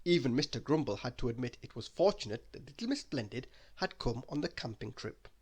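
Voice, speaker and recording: A man reading a children's bedtime story aloud in an expressive storytelling manner. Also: medium pitch, brisk, slightly rough. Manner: expressive, sing-song storytelling.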